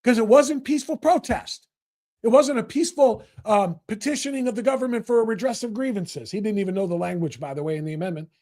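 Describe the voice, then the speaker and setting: A man hosting a political talk show, delivering heated commentary, ranting angrily with sarcastic jabs and bursts of shouting. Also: sits high, quick pace. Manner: sarcastic, mocking.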